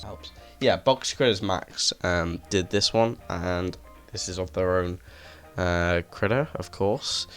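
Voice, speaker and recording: Over footage of a game, a low-voiced male creator gives a casual, excitable walkthrough that wanders and leans heavily on filler words. His tone comes across a bit bright, captured through a desk microphone with a headset.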